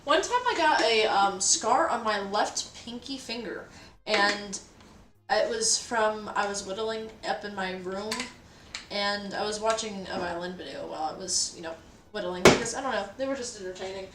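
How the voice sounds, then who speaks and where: Here a young woman streams from her kitchen at home, recounting a story with casual bluntness and plenty of swearing while she cleans dishes. Her pitch is medium and her speed normal. The roomy space and distant mic pick up background noise, mostly the clatter of dishes and pots.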